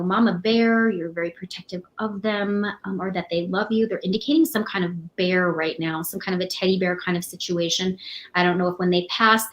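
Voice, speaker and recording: Woman psychic, hesitant and emotional, mid-pitched, halting live reading. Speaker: psychic reader.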